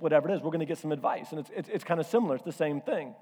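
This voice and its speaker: Guy preaching a sermon, chatty storytelling, bit of a higher voice, big echoey church hall. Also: racing, few pauses, warm tone, slightly rough. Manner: conversational, storytelling, self-deprecating. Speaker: pastor. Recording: reverberant hall.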